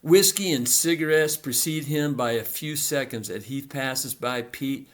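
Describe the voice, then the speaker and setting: Man telling a story in rhythmic, repeating phrases. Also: mid-range voice. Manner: rhythmic, repetitive, deliberate delivery. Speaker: narrator. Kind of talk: literary storytelling.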